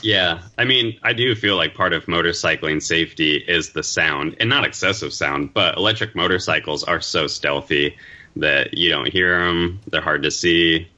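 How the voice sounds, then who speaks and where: A man's voice: sits low, normal speed, pushed and bright. A man on a podcast, speaking casually and thoughtfully. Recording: dull lo-fi sound.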